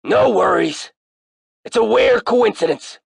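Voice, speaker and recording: A narrator puts on a gruff army colonel for an audiobook, his voice pitched up high and heavy with gravel. The delivery is clipped and even, and it sounds dry and close. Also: slow pace, no echo, full character voice. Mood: guarded. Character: older male colonel, guarded and matter-of-fact. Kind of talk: audiobook character voice.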